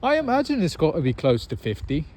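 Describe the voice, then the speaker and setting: A man's voice: on the high side, quick pace. Young american guy chatting, laughs at himself a lot, slight hiss behind. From United States. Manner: animated, self-mocking storyteller, laughs often, acts out quotes. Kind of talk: casual chat.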